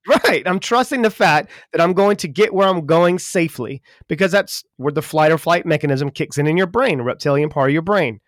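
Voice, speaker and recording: A man from Charleston, co-hosting a podcast in casual chat; he talks fast and folksy, with jokes. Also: fairly high pitch, dry recording, clean studio sound. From Charleston, South Carolina, US. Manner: talks fast when excited, folksy and joking. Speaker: podcast co-host.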